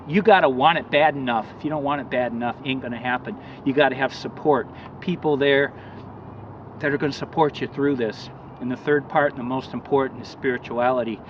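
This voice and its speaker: A man giving an earnest motivational talk about recovery, telling a parable and acting out the shouts in it. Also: mid-range voice, far from the mic, highs cut off, background noise. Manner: earnest, acts out shouts in his story. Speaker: recovery counselor.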